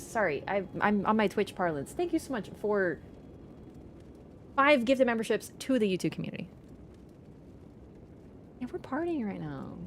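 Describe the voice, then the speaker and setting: Lively, animated woman streamer. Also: on the high side. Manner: animated and chatty, teasing viewers, swears casually. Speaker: livestreamer. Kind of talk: casual livestream chat.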